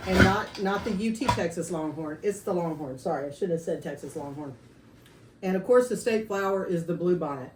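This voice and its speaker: A woman hosts a casual food-tasting vlog, chatty and friendly, saying "y'all" as hot salsa burns her mouth. Her voice sits on the low side and moves briskly, recorded with a roomy echo and faint background noise.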